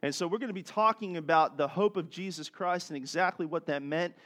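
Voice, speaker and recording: Male pastor, high voice, middle-aged, animated sermon storytelling, soft then loud. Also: fairly quick.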